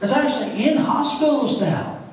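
A man's voice: very high voice, expressive, normal speed, darkish tone, distant mic. A middle-aged man preaching a sermon, telling jokey stories and laughing often. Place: church sanctuary. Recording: echoey church hall, preacher off-mic.

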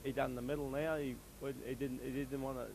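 A man co-commentating a local rugby league match in a rambling, halting way, full of fillers. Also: medium pitch, little pitch movement, darkish tone, a little hiss or hum.

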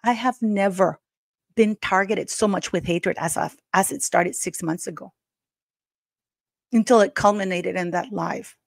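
A woman from Canada vents on her own channel in an indignant, emphatic commentary, turning to her viewers again and again. Her voice sits at an ordinary middle pitch. The sound is dry, with no room echo. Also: measured pace, gravelly. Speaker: YouTube channel host. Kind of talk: heated commentary vlog.

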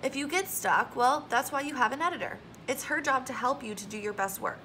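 A patient schoolteacher in a storybook read-aloud, calm and reassuring, read by a woman. The voice is bright and slightly high, with some gravel. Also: brisk, slight background noise. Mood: encouraging. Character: calm, encouraging female schoolteacher.

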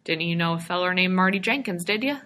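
A woman's voice: fairly low pitch, quick pace, bright, forceful tone. A woman reading as a folksy small-town real estate man. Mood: chatty. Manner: rural dialect, chatty.

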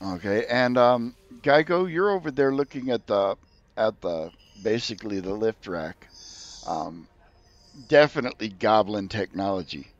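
A man's voice: on the low side, animated, unhurried. A man running a tabletop game as game master, narrating in a rambling, easygoing way. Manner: rambling, easygoing, with many fillers. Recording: dull lo-fi sound in a dry room.

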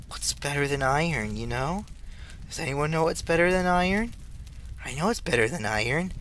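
A man doing let's play commentary, talking to himself as he plays and bursting into excited squeals. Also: fairly high pitch, moderate pace. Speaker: gaming channel host.

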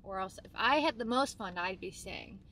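Young woman vlogger, casual chatty to-camera talk, self-deprecating, mid pitch, light background hiss. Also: animated, normal speed, sharp tone. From Connecticut. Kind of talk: casual vlog chat. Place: hotel room in bed and out in a city. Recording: faint background noise.

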